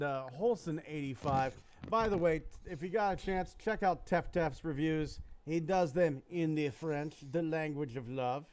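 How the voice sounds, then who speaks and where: A man hosting a casual podcast, talking in a rambling way with frequent restarts. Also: fairly high pitch. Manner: rambling, animated, trailing off and restarting. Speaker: podcast host. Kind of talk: casual chat.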